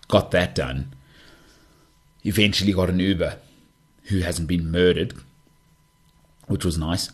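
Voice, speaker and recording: A man hosting a podcast, talking in a low, husky voice. He rambles through a casual monologue, full of jokey asides and excited outbursts. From South Africa. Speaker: podcast host.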